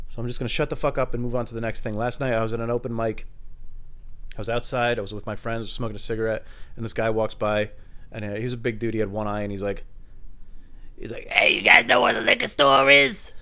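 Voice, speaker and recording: A man's voice: fairly low pitch, little pitch movement, fast talker. A man at home doing a rambling solo monologue, swearing a lot and cutting himself off mid-thought. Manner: profane, rambling, cuts himself off. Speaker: podcast host. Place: at home by the kitchen fridge.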